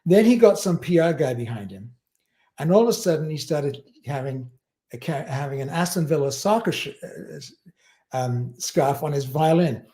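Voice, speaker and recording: Chuckling, mellow-voiced host. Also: male voice, on the high side, expressive, moderate pace. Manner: rambling, chuckling storyteller. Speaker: livestream host. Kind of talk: casual chat.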